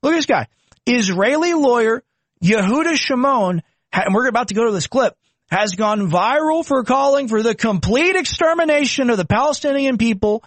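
A man's voice: very high-pitched, expressive, moderate pace, dry recording. A young man commenting on video clips, indignant and mocking. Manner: indignant, mocking, puts on silly voices. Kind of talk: political commentary.

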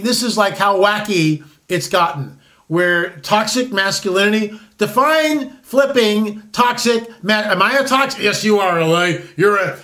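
High-voiced man in his sixties ranting. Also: fairly bright tone. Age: 60s. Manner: rambling, sarcastic, restarts often. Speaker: commentary show host. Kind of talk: opinionated solo commentary.

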